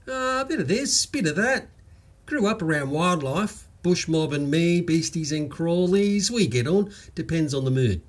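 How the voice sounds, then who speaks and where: A man's voice: on the high side, lively intonation, moderate pace, pitched above the performer's own voice. A man voicing a cheerful, easygoing outback bloke from Queensland with a broad Australian accent and a laid-back drawl.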